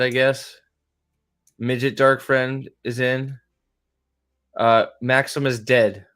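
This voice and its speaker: A man's voice: mid-range voice, a bit bright. A young man hosting a show review, giving profane, exasperated, sarcastic reaction commentary as he watches an episode.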